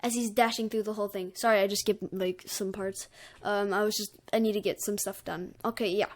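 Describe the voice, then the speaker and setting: A woman's voice: mid-range voice, fairly even intonation, brisk. A woman improvising a fan story as a rambling retelling, full of fillers and restarts.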